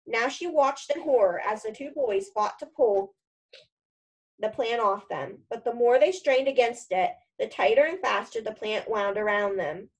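A woman's voice: on the high side, a little slow, poor audio. Woman reading a novel aloud. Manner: casual, plain storytelling. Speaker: reader.

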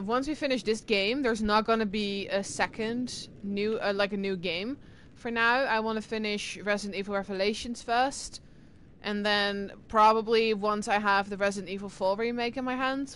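A woman's voice: mid-range voice, fairly bright tone, a little hiss or hum. A young woman with an English accent touched by Irish and Scottish sounds, chatting casually to her stream viewers as a gaming streamer, rambling with lots of fillers and restarts.

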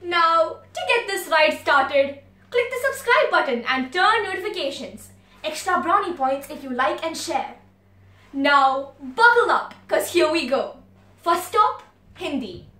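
A woman's voice: sits high, very animated, a little slow, pushed and bright, reverberant, recorded from a distance. A young woman from India whose first language is Malayalam, hosting a language channel with playful, theatrical tour-guide patter. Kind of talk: playful scripted presenting.

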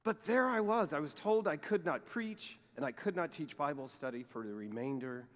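A middle-aged male pastor preaching a sermon, telling a personal story in a lively way and acting out the dialogue. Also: fairly high pitch, moderate pace. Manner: animated storytelling, acts out quoted dialogue. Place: large church sanctuary. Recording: long reverb of a church sanctuary.

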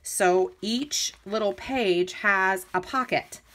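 A woman's voice: mid-range voice, slow, a bit bright. A woman casually walking through a handmade scrapbook album, chatty and enthusiastic with lots of ums and restarts. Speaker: crafter demonstrating a scrapbook album. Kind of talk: casual show-and-tell tutorial.

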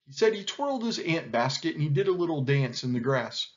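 A man reading a children's animal story aloud in an expressive, animated way. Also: medium pitch, brisk, few pauses. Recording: dull lo-fi recording.

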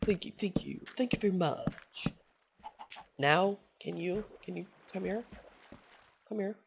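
A woman casually commenting while she plays, rambling, thanking viewers and coaxing in-game animals aloud, swearing in sudden excited outbursts. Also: on the low side, unhurried, gravelly, noisy background. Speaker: gaming channel host.

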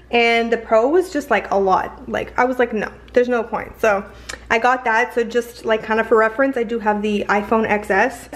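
Young woman from canada gushing over a clothing haul, kinda high voice, super chatty and filler-heavy. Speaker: fashion haul vlogger. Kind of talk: casual haul vlog chat.

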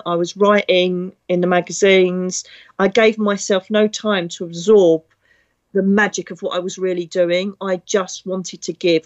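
A woman's voice: on the low side, a little mellow, dull audio. Blunt, chatty woman. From Britain. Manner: blunt, chatty, emotional storyteller. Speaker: psychic medium. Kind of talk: casual spiritual talk.

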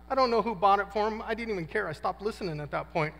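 A man's voice: high-pitched, quick pace, vocal fry, a bit bright. A man in his fifties giving a casual, slangy testimony talk at a men's conference, acting out quotes as he tells his story. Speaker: guest speaker at a men's conference. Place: conference hall. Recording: long reverb of a large hall.

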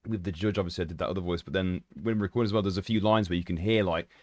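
A man hosting a casual interview chat, who talks in an excited, laughing way. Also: deep voice, racing, no room sound. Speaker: host.

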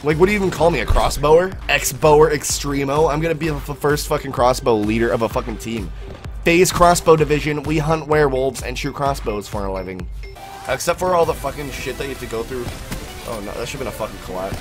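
Young guy cursing and shouting at his game, pitch all over the place, faint music behind. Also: fast talker. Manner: profane, excitable outbursts and yelling at the game. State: out of breath. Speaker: gaming channel host. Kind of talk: live gameplay commentary.

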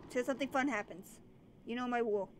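A woman with a fairly high voice talks her way through a game in easy, chatty commentary. She keeps up a running stream of remarks and now and then calls out to the characters on screen. A faint hiss sits under her voice. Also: quick pace. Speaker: let's play gamer. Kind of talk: casual gameplay commentary.

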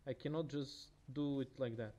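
Casting a video game match solo, a man with a Russian accent speaks in a mid-range, steady, warm voice at a moderate pace. His commentary is casual, with many fillers and restarts.

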